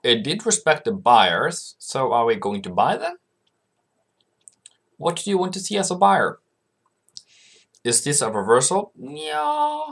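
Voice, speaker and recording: A man talks viewers through trading charts in a loose, casual commentary. His pitch swings widely as he poses questions and answers them himself, and he chats with viewers, calling them "mate". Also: huge pitch swings, unhurried, vocal fry, long pauses, a bit bright. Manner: chatty, coaxes viewers as "mate". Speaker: forex trading channel host.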